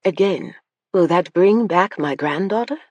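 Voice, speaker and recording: A woman's voice: lowish voice, animated, a little slow, a little mellow, dry recording, dull audio. A woman voicing a cold, poised older woman billionaire in an audiobook. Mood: chilly. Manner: cool and chilly.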